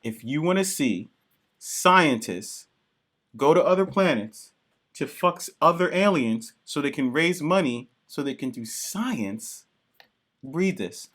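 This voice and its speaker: A man co-hosting a podcast, reviewing comics in excited, profane casual chat and acting out characters in quick bits. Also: fairly high pitch. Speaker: podcast co-host.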